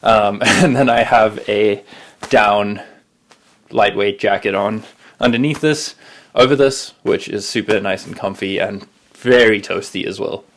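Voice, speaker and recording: Chatty young man, low voice. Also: steady tone, measured pace. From South Africa. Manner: chatty and upbeat, with many "like" fillers. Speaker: vlogger. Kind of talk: casual vlog with how-to tips.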